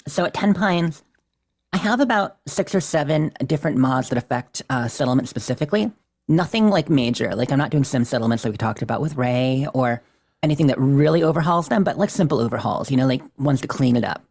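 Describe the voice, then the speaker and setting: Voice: medium pitch, animated, fairly quick, a little mellow. Chatty, laughing podcast co-host. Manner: chatty, self-deprecating, laughs often. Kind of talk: casual chat recapping a game playthrough.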